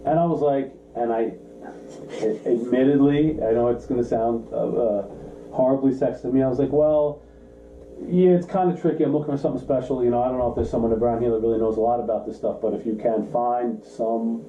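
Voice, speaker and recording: A man's voice: mid-range voice, fairly quick, a little hiss or hum. A man co-hosting a podcast, chatting casually and acting out quotes as he tells stories. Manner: animated storyteller, acts out quotes. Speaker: podcast co-host, car shop owner. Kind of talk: casual chat, storytelling. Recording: roomy, slightly dull sound.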